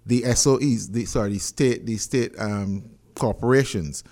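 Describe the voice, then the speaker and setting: A man's voice: lowish voice, normal speed, a little mellow. A man, a guest on a radio talk show, who cuts in to correct and stress his points. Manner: interjecting, emphatic, corrects points. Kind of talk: call-in radio discussion.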